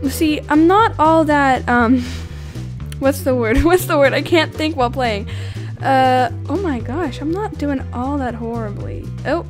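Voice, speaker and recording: Girl youtuber playing games, high voice, giggles a lot, pokes fun at herself. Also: a little slow, over music. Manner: giggly, excitable, self-deprecating. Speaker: gaming YouTuber. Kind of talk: casual gameplay commentary.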